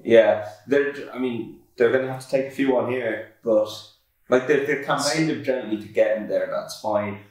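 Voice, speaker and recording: A man's voice: mid-range voice, normal speed, a little mellow. A man co-hosting a horse racing podcast in a casual, laid-back chat from an office, full of fillers and restarts. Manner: laid-back, filler-heavy, self-correcting. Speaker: podcast co-host, racing tipster. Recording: echoey room, far from mic.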